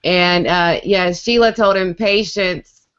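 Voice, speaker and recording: Woman, chatty, playful, smooth voice, mid pitch, muffled video-call audio. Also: a little slow, a bit bright. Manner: chatty, playful, laughs often. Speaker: co-host. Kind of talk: casual video-call chat.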